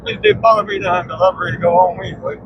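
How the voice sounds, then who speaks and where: A man with a drawl rambles through salty, laugh-filled stories from the seat of a moving vehicle. His voice sits a little higher than most men's, and steady road noise rumbles behind him. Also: very fast, highs cut off. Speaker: storyteller in conversation. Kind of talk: casual storytelling.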